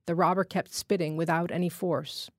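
A woman reading a literary short story aloud in a measured, steady way. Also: on the low side, no echo, clean studio sound. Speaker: fiction reader.

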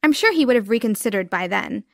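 A woman narrating a dramatic first-person story with expressive delivery. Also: on the high side, fast, gravelly, dry recording.

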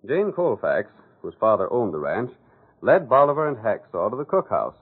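A man's voice: lowish voice, big pitch swings, normal speed, breathy edge. A man narrating a 1930s radio western in a dramatic, stately announcer style. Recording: narrow lo-fi 1930s radio broadcast.

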